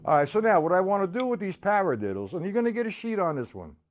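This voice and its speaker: A man's voice: high voice, sing-song, fast, loud music behind the voice. A man giving a casual live-streamed drum lesson and chatting with viewers between exercises. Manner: casual, chatty, reads viewer comments aloud. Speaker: drum teacher. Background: drums played between talk.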